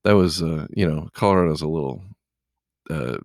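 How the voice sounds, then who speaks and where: A man's voice: rumbling low, moderate pace, creaky, a little mellow, no echo, studio quality. A middle-aged man, a truck driver, chatting casually and telling rambling stories full of "you know". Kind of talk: casual chat.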